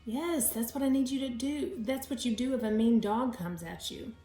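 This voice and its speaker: A woman's voice: on the high side, moderate pace, dark tone, faint music behind, close to an everyday voice. Brief: woman voicing a bossy young boy, urgent and commanding, for a storybook, roomy echo.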